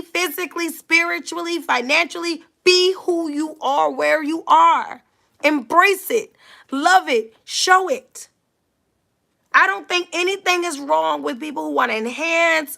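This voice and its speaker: Woman, motivational talk, high voice, bright and gravelly, emphatic repetitive cadence, a bit scratchy. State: slightly scratchy from allergies. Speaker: motivational speaker.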